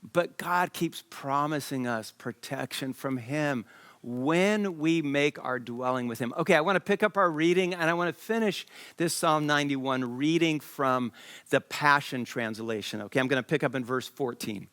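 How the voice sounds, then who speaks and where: A man preaching a sermon, reading scripture and telling a lively story with quoted dialogue, from Liberia. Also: mid-range voice, normal speed, no echo. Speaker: pastor. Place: church stage.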